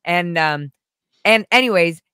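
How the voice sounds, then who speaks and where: A woman hosting a livestream, chatting and telling stories in a rambling, animated way and acting out quotes. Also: fairly low pitch, unhurried, clear, resonant tone, dry recording, clean studio sound. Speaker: livestream host. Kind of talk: casual storytelling chat.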